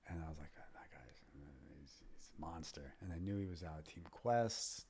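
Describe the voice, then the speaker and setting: Low-pitched and darkish, his voice slightly rough and his pace fairly quick, a man in his fifties tells meandering stories as an interview guest. He's an MMA fighter and trainer who often hushes to a near-whisper to quote people.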